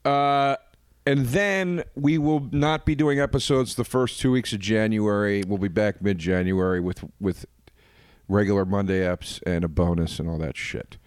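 A man's voice: on the low side, steady tone, moderate pace, clean tone, dry recording, studio quality. A man co-hosting a podcast in casual chat, telling stories animatedly and swearing with exasperation. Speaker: podcast co-host.

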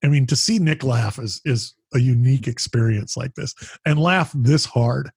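A podcast guest who founded a business mastermind group tells rambling stories in a casual conversation, getting animated, restarting sentences often and swearing mildly. His voice is deeply husky and raspy, at normal speed. The sound is close and dry, with no room or echo.

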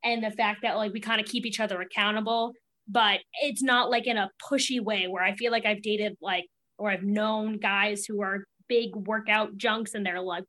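A young adult woman guest in a casual chat, telling animated stories, laughing often and acting out what others said. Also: medium pitch, moderate pace. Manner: animated storytelling, laughs often, acts out quotes. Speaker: podcast guest.

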